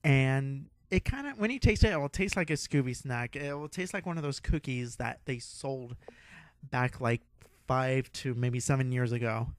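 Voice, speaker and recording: A young man hosting a podcast, telling a rambling, excitable story with a lot of swearing and laughter. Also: mid-range voice, normal speed, dry recording. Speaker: podcast host. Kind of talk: casual storytelling.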